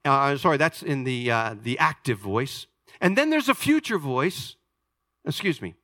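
A man preaching a sermon as pastor, explaining patiently and swinging between loud emphasis and hushed, low asides. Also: big pitch swings, unhurried, no room sound, studio quality.

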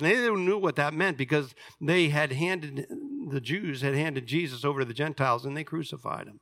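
A man in his sixties, a pastor, preaching a sermon and telling personal stories, moving between loud emphatic reading and quiet confiding asides. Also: a little high, normal speed, hardly any pauses, no room sound, clean studio sound. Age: 60s.

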